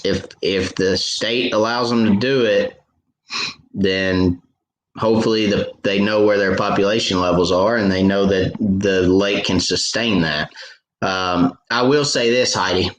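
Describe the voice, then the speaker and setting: A man's voice: low-pitched, a little slow. Rambling man in an echoey room. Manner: storytelling, animated retelling with many fillers and restarts. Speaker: fishing show host answering viewer questions. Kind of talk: casual live Q&A chat.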